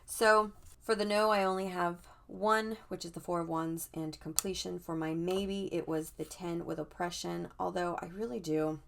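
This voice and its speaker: Gravelly-voiced woman chatting about cards. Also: on the low side, steady tone, normal speed, slight background noise. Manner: chatty, musing, trails off and restarts. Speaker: tarot reader reviewing a deck. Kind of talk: casual chat.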